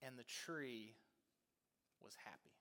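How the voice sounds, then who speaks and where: Man preaching a sermon, animated storyteller, bright voice, long church reverb. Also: mid-range voice, takes it slowly. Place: church sanctuary.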